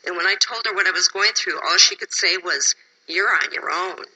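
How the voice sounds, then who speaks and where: Husky, emotional woman testifying. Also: fairly low pitch, moderate pace, pushed and bright, poor audio. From Wisconsin, USA. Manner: emotional, pleading, sometimes drops to a whisper. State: tired. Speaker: public commenter testifying at a hearing.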